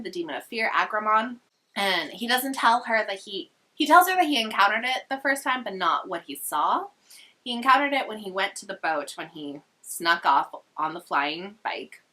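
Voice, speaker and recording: A woman's voice: mid-range voice, sharp tone. A young woman casually summarizing a novel in a chatty, sarcastic way with slangy asides. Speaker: book vlogger.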